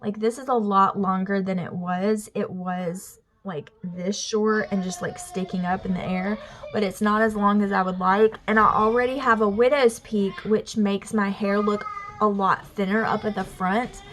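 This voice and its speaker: A woman's voice: medium pitch, fairly even intonation, moderate pace, a little hiss or hum. A young woman with a Southern Alabama accent, chatting casually to her vlog camera at home with lots of fillers. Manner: chatty, rambling, says y'all and like a lot. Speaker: family vlogger. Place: home, near kids in the bath.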